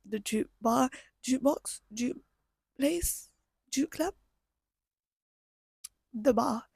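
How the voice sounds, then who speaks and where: A woman's voice: a little high, vocal fry, a little mellow, husky, dry recording. A woman ranting emotionally about a film in a casual vlog, rambling and full of fillers. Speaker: vlogger. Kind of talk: casual movie-review rant.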